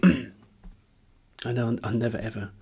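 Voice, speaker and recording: A man's voice: mid-range voice, slow, gravelly, darkish tone, breathy edge. A man, a musician, speaking in a candid interview, hesitant and searching for words, openly earnest and emotional.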